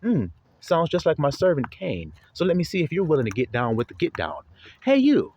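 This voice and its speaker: A man voicing a sly male devil who coaxes and tempts in a hushed, quick voice. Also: a little high, wildly swooping pitch, a little hiss or hum. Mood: tempting.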